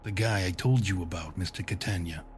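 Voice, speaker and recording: Man playing a jittery middle-aged bar owner, halting speech, low voice, audiobook. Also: soft background music, natural voice. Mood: nervous. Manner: hesitant, full of "uh"s.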